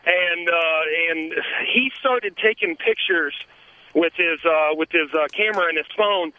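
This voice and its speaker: A man's voice: on the high side, a little slow. A man calling in to a radio show from a haunted trail in the woods, rambling and laughing, with many fillers. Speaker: haunted attraction worker calling in. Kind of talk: casual phone call to a radio show. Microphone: phone. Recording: tinny phone line.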